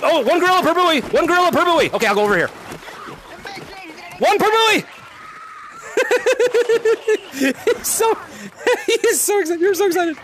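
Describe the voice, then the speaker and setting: A man live-streaming a VR game, shouting greetings and cheering his players on with lots of laughter, into a headset mic. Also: extremely high pitch, animated, moderate pace, pauses often, slight background noise. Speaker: gaming streamer. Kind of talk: excited live-stream chat while playing.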